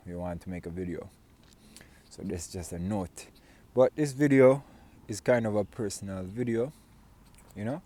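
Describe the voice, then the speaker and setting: A man's voice: deep voice, moderate pace, mellow. A man from Syria telling a personal story to camera, rambling with fillers and restarts. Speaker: vlogger.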